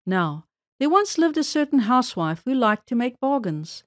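A woman reading a fairy tale aloud for children in a gentle, measured storytelling way. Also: fairly high pitch, big pitch swings, dry recording, studio quality.

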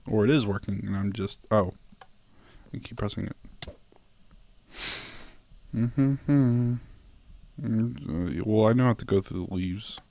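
A man's voice: fairly low pitch, vocal fry, warm tone. A young man commenting on his own gameplay, laughing often, swearing and pleading with the game. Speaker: gaming YouTuber. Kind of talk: let's play commentary.

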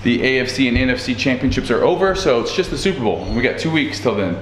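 A man's voice: medium pitch, lively intonation, fast talker. A man giving a casual, rambling vlog tour of a house, talking into a handheld camera in a slangy, laid-back way. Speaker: fitness vlogger. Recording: echoey room, faint background noise.

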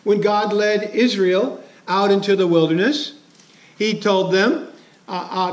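A man's voice: high-pitched, unhurried. A man preaching a sermon as a pastor, conversational and chuckling, asking his listeners questions.

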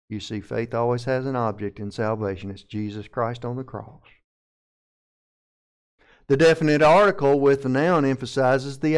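A man's voice: medium pitch, clean tone. A man with a Southern American accent, teaching a sermon verse by verse and methodically explaining Greek grammar term by term. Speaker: pastor.

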